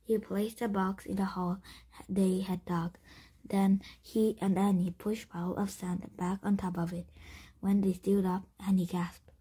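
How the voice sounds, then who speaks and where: Woman reading a kids book slowly, whispery and breathy, mellow dark tone, lots of restarts. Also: mid-range voice, level tone. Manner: slow reading with frequent slips and restarts. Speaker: story reader. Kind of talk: children's book read-aloud.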